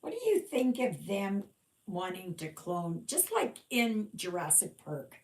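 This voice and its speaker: A woman's voice: mid-range voice, big pitch swings, a little slow. A woman hosting a live stream, chatting casually while she stitches and often mumbling half to herself. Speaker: livestream host. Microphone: livestream mic. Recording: echoey room.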